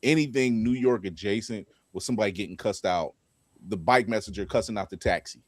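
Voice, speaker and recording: A man's voice: on the low side, fairly quick, no echo. A man co-hosting a casual group chat, laid-back and joking. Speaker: podcast co-host.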